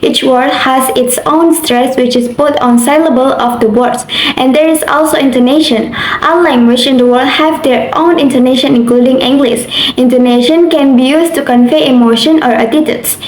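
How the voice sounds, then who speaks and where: High-voiced young woman reading notes. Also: steady tone, normal speed. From Indonesia. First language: Indonesian. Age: young adult. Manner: careful reading with occasional slips. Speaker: university student. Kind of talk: reading a class assignment aloud. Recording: roomy echo, faint background noise.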